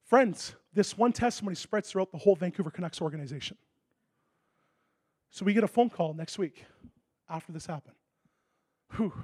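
A man preaching a sermon, telling a story with lively acted-out dialogue that swings from loud excitement to a hushed, intense tone. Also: high voice, normal speed, pauses often, husky. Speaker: pastor.

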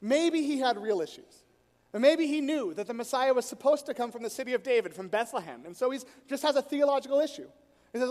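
A man preaching a storytelling sermon in an animated way, acting out the people he quotes. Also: extremely high pitch, fast. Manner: animated, acts out quoted people, chuckles while telling. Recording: long hall reverb.

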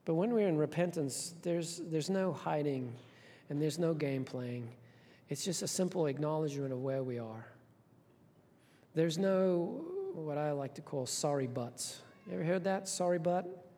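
A man preaching a sermon as pastor, passionate, swinging between hushed and loud, often repeating words. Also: fairly high pitch, unhurried. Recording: long hall reverb.

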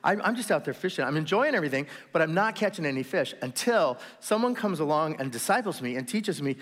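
A man preaching a sermon, telling stories with animation and slipping into acted-out voices, jumping from loud bursts to soft asides. His voice sits a little high for a man. The sound carries a long reverb, like a large church hall. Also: animated, fast talker, few pauses. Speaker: pastor.

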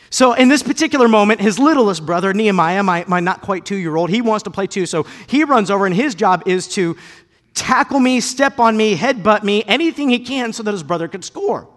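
Animated man preaching in a big hall. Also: fairly quick. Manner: animated storyteller, acts out voices, loud and high when excited. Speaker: pastor. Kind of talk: sermon with personal stories.

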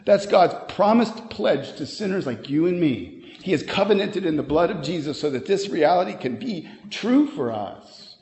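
Earnest preacher in an echoing hall. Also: male voice, fairly high pitch, very animated, creaky, a little mellow. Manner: earnest preaching, rising to emphatic, with quick asides. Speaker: pastor. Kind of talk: sermon. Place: church sanctuary. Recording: long hall reverb.

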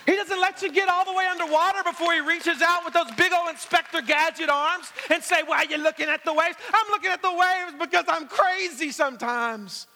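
A man's voice: very high-pitched, fairly quick, few pauses, bright, forceful tone, big-room sound. A man preaching a sermon as guest pastor, telling the story with humor and acting out the scenes. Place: church sanctuary. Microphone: handheld or stage microphone.

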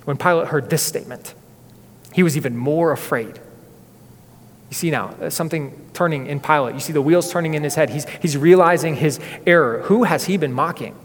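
A man's voice: on the high side, a little fast. A male pastor preaching a sermon with earnest, dramatic storytelling in a church sanctuary. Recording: echoey hall reverb.

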